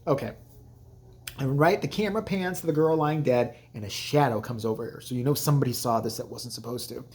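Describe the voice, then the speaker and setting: A man's voice: mid-range voice, fairly quick, a little mellow. A man hosting a casual movie review vlog, crude, rambling and jokey, acting out scenes in voices. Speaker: channel host, movie reviewer.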